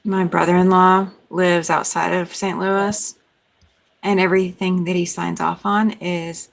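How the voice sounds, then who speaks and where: A woman's voice: fairly low pitch, level tone, unhurried, creaky. A woman in a casual chat, teasing dryly.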